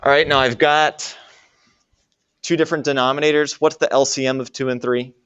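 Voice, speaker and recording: A man's voice: medium pitch, fairly even intonation, a little fast, a bit bright, smooth, no echo, highs cut off. A man teaching a math lesson to a classroom and joking with his students as he works through problems. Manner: jokey, talks to students while working problems. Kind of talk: classroom lecture.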